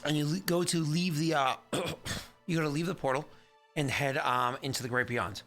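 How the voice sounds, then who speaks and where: Game master, chatty, laughing, self-mocking, voice call, mid pitch. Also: fairly even intonation, normal speed, fairly bright tone, faint music behind. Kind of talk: casual chat over a voice call.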